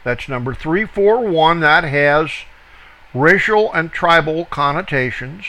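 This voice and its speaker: A man teaching from scripture, reading each verse slowly and deliberately, calling out reference numbers and stressing key words. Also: on the high side, sharp tone, rough recording. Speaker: Bible teacher. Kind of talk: scripture reading with word study.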